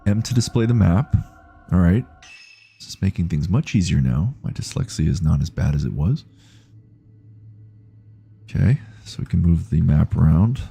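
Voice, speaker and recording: A man's voice: low-pitched, animated, moderate pace, gravelly, pauses often, mellow, husky, soft background music. A man with a Canadian accent streaming a game, chatting and thinking aloud as he reads on-screen prompts. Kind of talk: live gameplay commentary.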